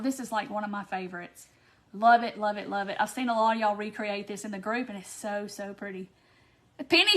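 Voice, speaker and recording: A woman's voice: a little high, fairly bright tone. Chatty gushing woman crafter. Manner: chatty, gushing, reads viewer comments aloud. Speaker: craft tutorial host. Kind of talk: casual live-stream craft demo.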